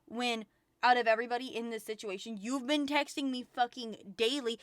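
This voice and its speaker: A woman's voice: on the high side, fairly even intonation, fairly quick, no room sound. Profane venting young woman streamer. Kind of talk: casual chat stream.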